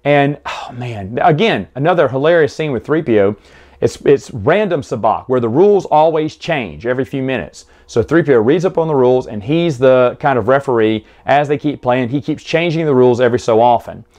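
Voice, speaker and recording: A man's voice: medium pitch, expressive, fairly quick, a little mellow. Enthusiastic rambling man recapping a book. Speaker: book review host.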